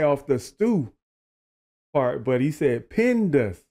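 A man hosting a reaction video, who breaks down rap lyrics in a casual, animated way and repeats the lines he likes. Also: medium pitch, takes it slowly.

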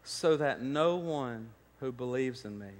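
In a church sanctuary with big-room sound, a male pastor preaches a sermon at a measured pace. His medium-pitched voice carries lively intonation as he tells stories and rises to emphatic points.

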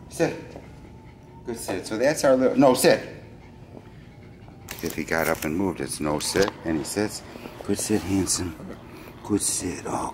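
A man's voice: lowish voice, noisy background. A man working as a dog trainer outdoors, giving short firm commands and lifting into sing-song praise while he explains the training. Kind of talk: dog training demonstration with commentary. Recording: outdoor recording with clear background ambience.

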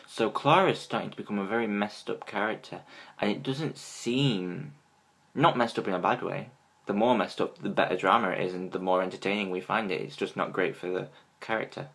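A man giving a casual fan review of a TV episode, excitable and gushing, with many ums. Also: lowish voice, fairly quick, creaky, slightly rough.

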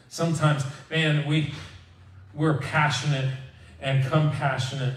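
A man preaching a conversational sermon as pastor, animated and acting out the people he quotes. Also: medium pitch, normal speed. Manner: animated, acts out quoted voices. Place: church sanctuary. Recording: echoey church hall from far off.

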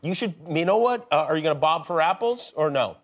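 A man's voice: on the high side, animated, quick pace. A man hosting a late-night talk show, cracking dry jokes as he interviews a guest. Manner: dry, joking.

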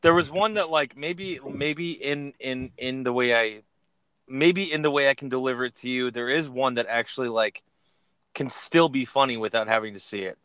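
Male co-host, casual storyteller, animated character voices, dead-dry close recording. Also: moderate pace, smooth, no room sound. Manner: animated, jumps into high voices for quoted characters. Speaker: podcast co-host.

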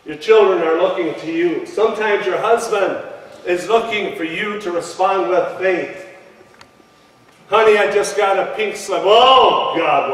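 A male pastor preaching a sermon, reading scripture aloud and calling on the congregation to answer back. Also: high voice. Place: church sanctuary. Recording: echoey church hall from far off.

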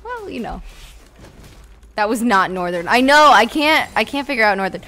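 A woman's voice: a little high, lively intonation, moderate pace, bright, forceful tone. A woman streamer casually chatting with her viewers while playing a game, blunt and talkative, now and then swearing. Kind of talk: casual live-stream chat while gaming.

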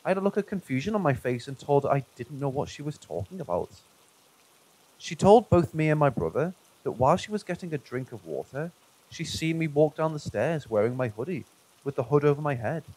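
A man reading true paranormal stories aloud in a calm, even narration. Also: medium pitch, rough recording. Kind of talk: scripted narration.

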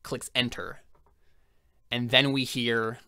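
A young man running a tabletop game as game master, telling the scene in a casual, halting way full of fillers. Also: medium pitch, level tone, pushed and bright, clear, resonant tone. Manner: halting, filler-heavy storytelling.

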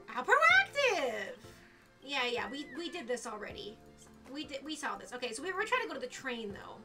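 A young woman streaming a game live, excitable and gushing with delight at her viewers. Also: sits high, fast talker, music in the background.

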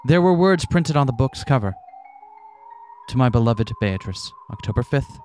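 A man's voice: medium pitch, expressive, normal speed, darkish tone, faint music behind. A man reading a visual novel aloud with friends, switching between narration and character voices, laughing between lines. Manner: reads narration then breaks into jokes and laughter. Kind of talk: casual dramatic read-through with character voices.

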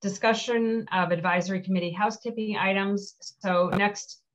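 A woman's voice: mid-range voice, fairly even intonation, normal speed. A woman chairing a town committee meeting, tired and plain-spoken. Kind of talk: meeting discussion. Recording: dull lo-fi meeting audio.

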